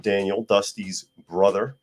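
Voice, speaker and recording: A hoarse man hosting a casual news talk podcast, chatty with wry asides. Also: on the low side, little pitch movement, unhurried. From United States. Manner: chatty, wry asides, talks to his cat. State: hoarse from a cold. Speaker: podcast host.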